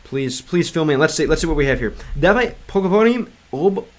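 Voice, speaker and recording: Chatting casually on a livestream and reading comments, a man with a fairly high voice rambles along with plenty of fillers and restarts. Every so often he pauses to sound out game text in clumsy, halting Russian, like a learner reading aloud.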